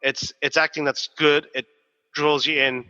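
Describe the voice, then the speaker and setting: A man rattles on in casual podcast chat, cursing freely as he tells his stories. His voice is on the higher side and strikingly sharp and forceful. The recording sounds dull and has a long reverb tail. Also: measured pace. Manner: animated, profane storytelling. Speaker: podcast co-host.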